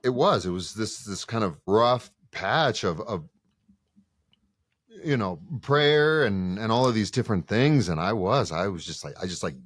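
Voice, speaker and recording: Low-voiced seminarian telling a story. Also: male voice, a little slow, no room sound, studio quality. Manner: animated storyteller who acts out quoted dialogue. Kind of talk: casual podcast chat.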